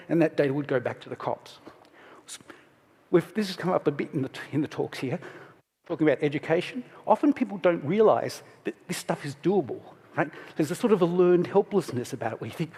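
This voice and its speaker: A middle-aged man giving a casual, candid conference talk on stage, restarting his sentences and pausing to steady himself. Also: a little high, slightly rough. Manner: casual and candid, self-interrupting, emotional at moments. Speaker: conference speaker. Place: large conference hall. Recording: hall reverb from stage.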